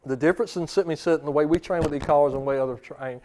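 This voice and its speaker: A man's voice: on the high side, slight background noise. A man in his thirties, a dog trainer, giving a seminar talk and acting out commands and dogs' thoughts. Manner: forceful, acts out commands and dog thoughts in quick voices.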